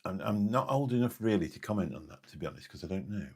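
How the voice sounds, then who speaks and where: Gravelly deep-voiced English man rambling. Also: lively intonation, fast talker, darkish tone. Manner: rambling, forgetful, chatty, answers viewer comments. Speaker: live streamer and taxi driver. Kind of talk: late-night live stream chat with viewers.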